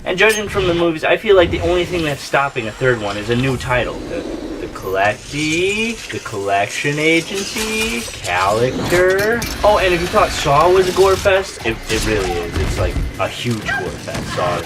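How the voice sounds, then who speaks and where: A man giving casual comedic commentary as a YouTuber, full of joking, profane asides and self-interruptions. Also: mid-range voice. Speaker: YouTuber ranking horror villains. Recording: noisy home recording.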